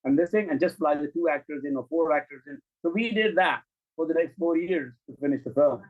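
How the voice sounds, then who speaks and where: A man's voice: on the high side, fairly quick, phone-quality sound. A middle-aged man, a film director as interview guest, telling candid, blunt stories and acting out the dialogue in them. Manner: animated anecdotes, blunt and profane, acts out quoted dialogue.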